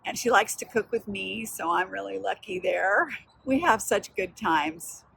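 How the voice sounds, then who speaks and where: A woman's voice: mid-range voice, measured pace, vocal fry, slightly rough, low-quality recording. An older woman hosting a casual vlog outdoors in a park. She tells family stories in a reflective, encouraging way. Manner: warm, reflective, encouraging talk about family. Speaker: host. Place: outdoors in a park, walking and resting. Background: music.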